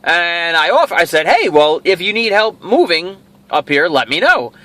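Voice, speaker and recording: A middle-aged man tells a long personal story in a loose, rambling way, acting out each person's lines. His voice sits high and swings widely in pitch. The tone is bright and sharp. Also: moderate pace. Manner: rambling, animated, acts out quoted dialogue. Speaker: toy show host. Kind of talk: casual storytelling vlog.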